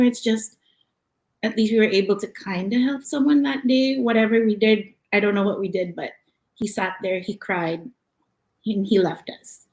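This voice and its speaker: A woman's voice: mid-range voice, a little mellow, echoey room, poor audio. A woman who owns a cafe, telling a personal story as a podcast guest. She speaks earnestly and reflectively, often restarting her sentences.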